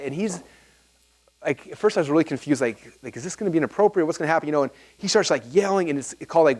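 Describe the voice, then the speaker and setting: A man in his thirties speaks to a seminar audience, voice pitched a little high. He races along, animated and rambling, stacking fillers and restarting sentences as he goes. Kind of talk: live seminar talk to an audience.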